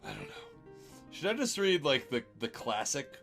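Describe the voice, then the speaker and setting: Bright, lively man reading fanfic aloud. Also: medium pitch, moderate pace, soft background music. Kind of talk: comedic dramatic reading.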